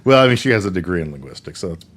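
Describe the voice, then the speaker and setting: Low-voiced man, halting podcast chat. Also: big pitch swings, fairly bright tone. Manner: halting, thinks aloud, plainspoken. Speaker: podcast co-host. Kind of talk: casual movie-review chat. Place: small room, shared with co-host.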